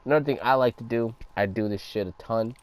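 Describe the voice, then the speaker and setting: A man's voice: mid-range voice, fast, noisy background. A young man giving a casual, profane gameplay tutorial, talking loosely over footage. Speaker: gaming guide creator.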